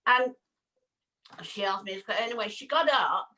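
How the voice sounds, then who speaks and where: A woman's voice: medium pitch, animated, moderate pace, bright, forceful tone, far from the mic, poor audio. A woman co-hosting a casual chat, telling a story with lots of laughter and acted-out voices. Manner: chatty storyteller, laughs often, acts out quoted voices. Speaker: co-host.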